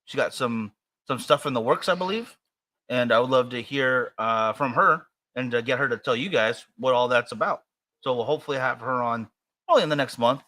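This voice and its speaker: This podcast co-host, a man with an American accent, has a bright, forceful mid-range voice and talks a little fast. The chat is casual, and he rambles and hesitates, restarting often and using lots of fillers.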